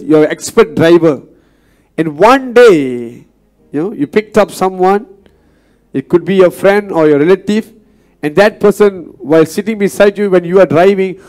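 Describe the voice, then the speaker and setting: A male pastor preaches in a fairly high voice. He is earnest and repetitive, often turning to the congregation with questions. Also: a little mellow. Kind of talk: sermon.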